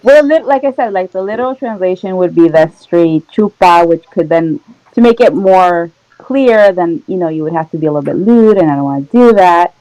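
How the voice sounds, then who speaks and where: A woman's voice: on the low side, lively intonation, normal speed, dark tone, no room sound, rough recording. A woman chatting casually in a group talk, plain-spoken and laid-back, who slips into Spanish at times. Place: home.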